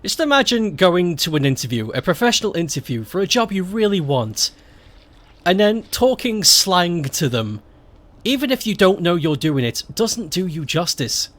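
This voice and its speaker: A man's voice: high voice, very animated, normal speed, a bit bright. A young man from Stoke chatting casually on a gaming live stream, swearing freely and laughing often. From Stoke-on-Trent, England. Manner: swears a lot, laughs often, rambling and candid. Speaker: game streamer.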